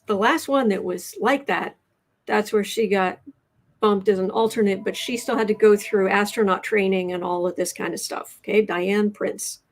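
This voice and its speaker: She's a tarot reader from the United States, hosting a relaxed livestream where she chats and restarts sentences while reading cards and the chat. Her voice is medium in pitch and moderate in pace.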